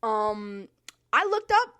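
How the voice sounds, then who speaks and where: A woman's voice: fairly high pitch, sing-song, slow pace, sharp tone. A young woman telling a profane work story to her vlog audience, laughing often. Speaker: vlogger. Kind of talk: casual storytelling rant. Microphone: solo recording.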